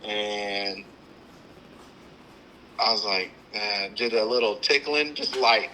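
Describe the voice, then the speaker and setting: A man, co-hosting a hunting show, telling an animated story with acted-out quotes and sounds. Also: fairly low pitch, unhurried, slight background noise, poor audio. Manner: animated, acts out the scene with quoted lines and sound imitations. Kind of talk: casual storytelling chat.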